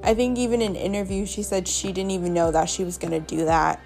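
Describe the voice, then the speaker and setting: A young woman hosts her podcast in loose, unscripted chat, blunt and gossipy, with plenty of swearing and "like" scattered through every sentence. Her voice sits at a middle pitch for a woman. Faint music plays softly underneath. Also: quick pace, vocal fry. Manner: gossipy, blunt, swears freely, heavy use of "like". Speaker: podcast host. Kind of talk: casual chat.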